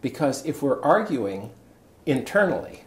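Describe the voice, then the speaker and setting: A man in his sixties, a coach, telling a personal story in a conversation with big swings of pitch. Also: very animated, unhurried. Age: 60s. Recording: echoey room with faint ambience.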